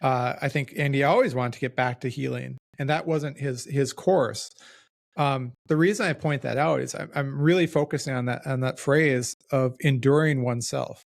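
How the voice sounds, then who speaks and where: Gravelly-voiced man hosting a podcast. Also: mid-range voice, normal speed, dry recording, clean studio sound. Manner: reflective, self-deprecating, talks in loose restarts. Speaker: podcast host. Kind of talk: casual podcast conversation.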